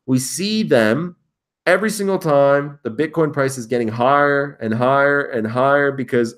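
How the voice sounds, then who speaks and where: A man's voice: moderate pace, a bit bright. Sarcastic young man reacting to headlines. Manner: sarcastic, incredulous, reacts with sudden pitch jumps. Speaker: crypto commentary host. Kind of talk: casual commentary reading headlines aloud.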